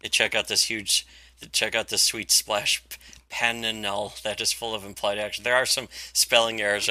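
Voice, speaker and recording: A man with a bright, forceful voice and a lowish pitch talks through a comic in loose, rambling chat. He laughs often and swears freely. The sound is dry and close. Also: no room sound. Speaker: comics review host. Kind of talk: casual profane chat.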